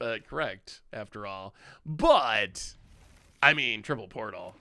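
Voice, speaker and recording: A man's voice: on the low side, expressive, takes it slowly, pushed and bright, dry recording, studio quality. A man streaming himself playing a card game, chatting casually, often laughing and talking to his opponent and chat. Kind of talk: casual gameplay commentary.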